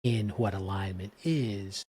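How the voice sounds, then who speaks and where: Husky-voiced male podcast host. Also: fairly low pitch, slow, no room sound. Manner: affirming, asks rambling open questions with soft laughs. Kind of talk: casual conversational interview.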